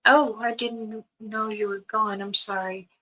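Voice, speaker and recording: A woman's voice: mid-range voice, little pitch movement, a little slow, bright, forceful tone, rough recording. A woman hosting a casual livestream, chatting about a trip with frequent laughs and reading viewer comments aloud. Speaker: livestream host. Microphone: streaming setup.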